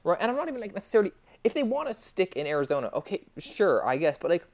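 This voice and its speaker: Casual podcast co-host, hesitant, mid-pitched. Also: very animated, racing. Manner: hesitant, many restarts and "like". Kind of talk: casual hockey chat.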